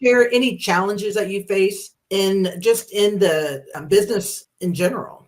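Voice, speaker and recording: A woman's voice: mid-range voice, unhurried. Woman, podcast host, brief encouraging replies, interviewer. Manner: brief encouraging responses, asks questions. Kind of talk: casual interview.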